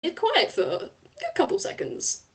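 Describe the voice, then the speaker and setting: A woman narrating as game master of a tabletop game, lively and often laughing. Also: extremely high pitch, a little slow.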